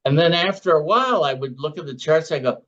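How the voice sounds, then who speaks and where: Being interviewed, a Chicago man in his sixties who used to be a floor trader tells chatty stories, performing the voices of the people in them, himself included. He talks fast in an expressive, somewhat high, slightly bright voice, and the highs are cut off.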